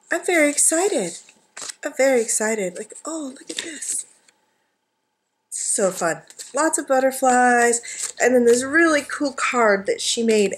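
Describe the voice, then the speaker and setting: A gushing, excitable woman with a somewhat high voice chats at home about craft goodies. She talks casually from her couch and wanders into lots of little asides. Her tone is friendly and unscripted. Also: slight background noise. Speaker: craft vlogger and art journaling teacher. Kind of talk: casual chatty haul vlog.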